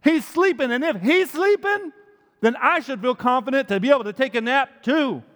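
A male pastor preaching a sermon, telling a story in an animated way and asking rhetorical questions. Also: very high voice, normal speed, in a large hall.

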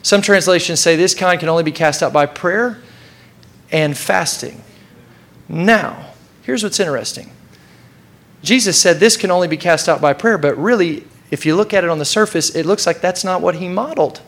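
High-voiced man preaching with energy. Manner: casual, energetic preaching with repetition and audience call-outs. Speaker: pastor. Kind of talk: sermon.

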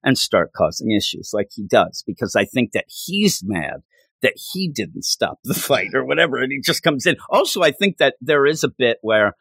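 Excited guy rambling on a podcast, voice jumping all over, dead dry mic. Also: medium pitch, moderate pace, gravelly, breathy edge, no echo. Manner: enthusiastic rambling, acts out characters' lines. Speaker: comic book podcast co-host. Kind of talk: casual chat.

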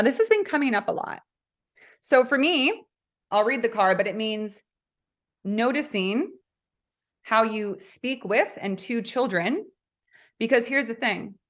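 A woman hosting a spiritual self-help show, talking casually and asking listeners questions. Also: on the high side. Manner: chatty, animated, asks listeners questions. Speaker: host. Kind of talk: casual spiritual coaching talk.

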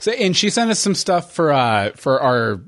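A man's voice: fairly high pitch, big pitch swings, normal speed, a bit bright, no echo. Chatty man co-hosting a podcast. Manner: rambling, self-deprecating storytelling with many fillers. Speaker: podcast co-host. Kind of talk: casual chat.

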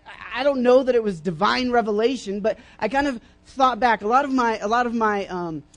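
A young man giving a casual sermon in a church, rambling through personal stories with many restarts and fillers, and bursting into loud acted-out voices. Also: very high-pitched, a little fast. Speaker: preacher.

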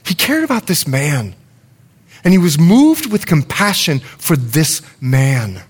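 Dynamic preacher man with a higher voice. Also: sing-song, slow pace, slightly rough. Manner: dynamic, swings from loud urgency to hushed confession. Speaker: pastor. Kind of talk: sermon.

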